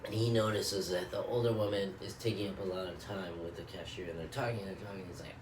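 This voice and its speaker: A man's voice: low-pitched, fairly even intonation, fairly quick, few pauses, background noise. A man telling a story and reflecting on it in a loose, rambling and earnest way, as a self-help speaker would. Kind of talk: casual spoken reflection. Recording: echoey, from a distance, faint ambience.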